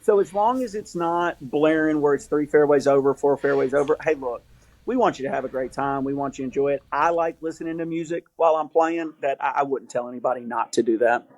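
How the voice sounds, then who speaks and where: A man who works in a golf shop, casually telling animated stories on a podcast. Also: on the high side, brisk, no room sound, poor audio. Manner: animated, acts out customers. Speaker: golf shop staff guest. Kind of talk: casual storytelling.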